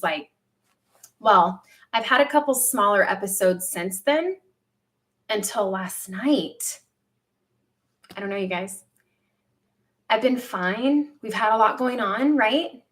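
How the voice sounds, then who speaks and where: A woman in her thirties hosting a casual livestream from home, telling a personal story candidly, with lively quoted asides. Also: mid-range voice, takes it slowly, long pauses. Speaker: livestream host.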